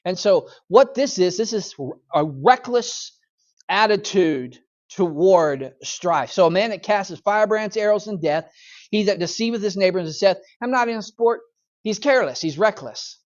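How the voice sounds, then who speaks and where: A man's voice: high-pitched, animated, moderate pace, lo-fi sound. A male pastor leading a Bible study in church, talking conversationally, often checking in with "okay?" and briefly acting out voices. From United States.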